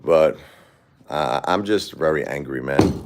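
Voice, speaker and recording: A middle-aged man hosting a livestream, talking unscripted in a quiet, halting way and often repeating himself. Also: deep voice, very noisy. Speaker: livestream host. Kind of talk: unscripted personal monologue.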